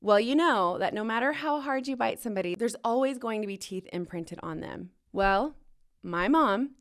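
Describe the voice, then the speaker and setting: A woman's voice: fairly high pitch, normal speed. Candid young woman telling a painful story. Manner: emotional, candid and animated, with rueful laughs. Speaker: podcast host. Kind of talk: personal storytelling to listeners.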